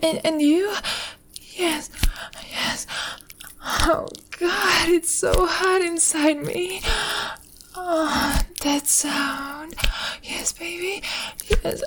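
A woman in a whispered role-play, speaking in breathy, intimate, drawn-out whispers straight to the listener. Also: very high-pitched, fairly even intonation, fairly bright tone, a little hiss or hum. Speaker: audio role-play performer.

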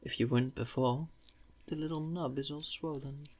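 A man's voice: a little high, steady tone, normal speed, darkish tone. A young man in an intimate audio role-play who speaks straight to the listener, playful and rambling, often stammering and apologizing.

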